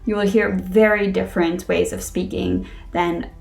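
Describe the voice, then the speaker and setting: A woman's voice: lowish voice, sing-song, normal speed, vocal fry, darkish tone, soft background music. A young adult woman with a Western New England accent gives a casual, explanatory English lesson, thinking aloud with frequent ums. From Connecticut, USA. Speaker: English teacher.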